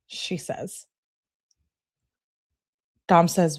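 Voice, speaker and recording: A woman's voice: on the low side, a little mellow. A young woman hosting a livestream, reading text messages aloud and breaking in with blunt, slangy asides. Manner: blunt slangy asides, reads texts slowly and deliberately. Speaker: livestream host.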